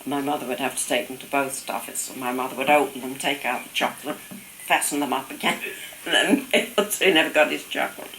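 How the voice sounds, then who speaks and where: A woman's voice: a bass voice, steady tone, brisk, a bit bright, roomy sound, a little hiss or hum, rough recording. An older woman telling family stories in casual conversation, amused and laughing often, sometimes mimicking her relatives' voices. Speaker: interviewee recalling family stories.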